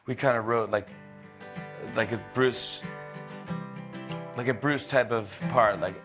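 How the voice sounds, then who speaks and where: Casting: male talk host in his thirties, medium pitch, animated storyteller who jumps into impressions. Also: over music. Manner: animated storyteller, quick impressions, frequent laughs and restarts. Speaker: late-night talk show host telling a story. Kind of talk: casual anecdote.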